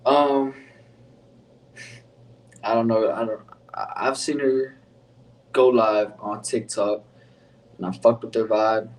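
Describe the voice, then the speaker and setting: A young podcast host opens his solo show in a laid-back, rambling way, using slang and lots of fillers. His voice sits on the low side with little pitch movement, slow and with long pauses. The mic is distant and the poor audio carries a little hiss or hum.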